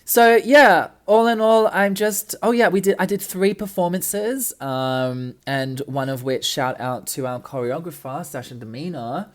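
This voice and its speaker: A woman's voice: fairly low pitch, measured pace, hardly any pauses. A young woman hosting a casual solo podcast, chatty and cheeky, swearing freely with lots of ums, recorded in an apartment. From Australia. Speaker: podcast host. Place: friend's apartment.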